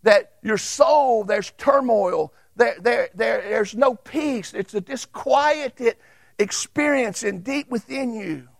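A man, preaching a sermon as a Baptist pastor and reading scripture aloud with emphatic pauses. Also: very high voice, creaky, dry recording.

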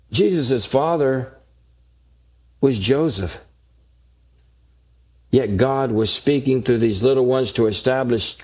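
Male pastor, sermon delivery, unhurried and deliberate, mid-pitched. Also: a little mellow, slightly rough. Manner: slow, deliberate preaching with emphatic lists.

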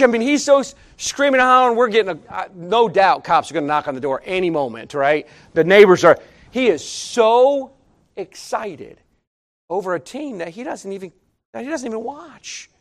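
A man with a strikingly high voice preaches in a folksy manner. He tells a joking, animated story to his congregation. His delivery swings from quiet asides to near-shouts. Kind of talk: sermon with storytelling.

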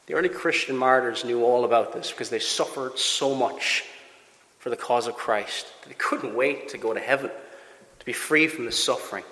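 Bright-voiced preacher in echoing hall. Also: male voice, medium pitch, moderate pace. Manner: emphatic, with rhetorical questions to the congregation. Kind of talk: sermon. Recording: echoey church hall with long reverb.

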